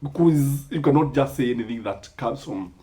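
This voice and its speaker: A man's voice: mid-range voice, expressive, normal speed, dark tone. A Kenyan man giving impassioned commentary, firing rhetorical questions and Swahili sayings.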